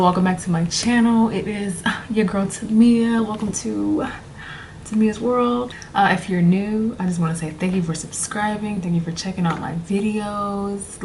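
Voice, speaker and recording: A young woman chats casually from her bedroom, winded and breathing heavily between phrases. She drifts along slowly, filling gaps with ums and likes. Faint clicks sit under her voice. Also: mid-range voice, darkish tone, a little hiss or hum. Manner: chatty, rambling, with many fillers. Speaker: vlogger. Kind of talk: casual chat.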